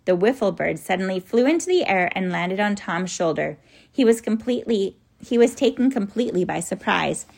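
A woman reading a children's story aloud in a lively way. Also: medium pitch, brisk, gravelly. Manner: lively, acts out the characters.

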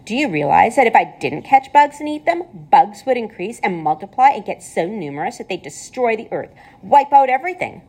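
A woman voicing a pleasant, clever female spider with a thin voice, calm and matter-of-fact in a storybook read-aloud. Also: a little high, a little fast, few pauses, breathy edge, pitched above the performer's own voice, heavily acted. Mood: calmly explaining.

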